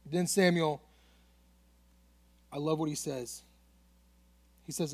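Animated, high-voiced young pastor preaching. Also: male voice, slow pace, long pauses. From United States. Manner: casual, conversational preaching, dramatizes Bible dialogue. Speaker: student pastor. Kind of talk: sermon.

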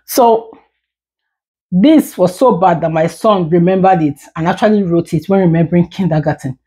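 A woman's voice: lowish voice, moderate pace, mellow. A woman in her thirties, a parent vlogger, ranting to the camera in a candid, emphatic way, often repeating words when heated. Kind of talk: candid talking-head rant.

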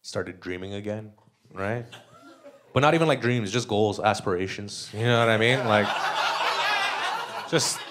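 This time the young Canadian comedian sounds fairly low and a little bright, moving slowly with long pauses. His live club set stays crude and loose, he often laughs at his own lines, and the crowd's laughter is audible throughout.

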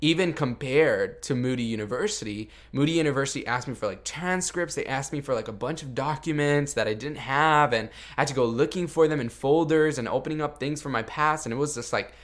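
Young guy on his podcast, earnest storytime, says like a lot, normal pitch. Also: fairly quick, few pauses, fairly bright tone. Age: young adult. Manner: earnest and confessional, heavy use of "like". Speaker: podcast host. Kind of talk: casual storytelling.

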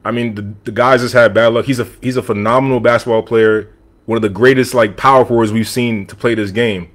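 A man hosting a podcast alone, talking sports in a casual, animated and opinionated way. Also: mid-range voice, fairly quick. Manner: animated, opinionated, talks straight to the audience. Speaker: podcast host. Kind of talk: casual sports talk monologue. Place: room with a team flag on the wall.

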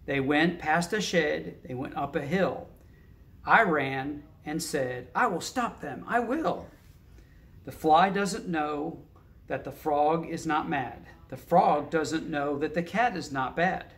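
A man's voice: fairly high pitch, takes it slowly, creaky, fairly bright tone. A man reading a picture book aloud, adding casual asides and thoughtful hums between lines. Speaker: narrator.

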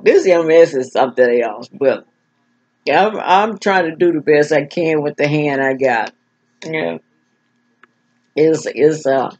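A woman's voice: deep voice, darkish tone. An older woman talking frankly to her camera, with effortful speech that stumbles and repeats while she searches for words. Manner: frank, plain-spoken. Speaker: vlogger. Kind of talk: casual personal talk to camera. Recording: dull lo-fi recording.

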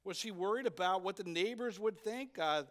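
A man's voice: high-pitched, normal speed. A man, a pastor, preaching a sermon in church, emphatic and repeating his key points, often putting rhetorical questions to the congregation.

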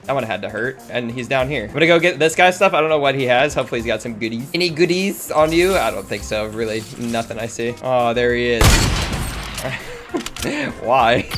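Excitable male gamer, live play-by-play, very lively pitch, loud music behind. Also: normal speed. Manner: excitable, jumpy reactions, talks to opponents. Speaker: gaming YouTuber. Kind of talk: live gameplay commentary.

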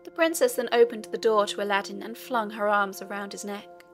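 A woman narrating a fairy tale audiobook in a steady storytelling manner. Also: medium pitch, fairly quick, soft background music.

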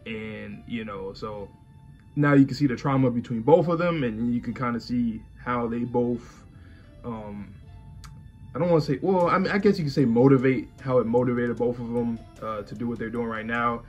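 A man's voice: mid-range voice, moderate pace, dull audio, soft background music. A man co-hosting an anime reaction show, talking in a loose, rambling way with lots of fillers. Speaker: co-host of an anime reaction channel. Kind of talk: casual chat.

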